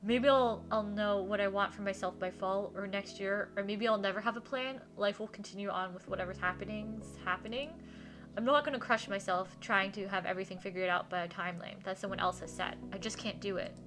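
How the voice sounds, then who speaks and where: A woman reading aloud the quiet lines of a gentle, troubled young man in a game. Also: mid-range voice, steady tone, fairly quick, over music, close to an everyday voice. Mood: subdued. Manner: quiet, subdued reading of dialogue.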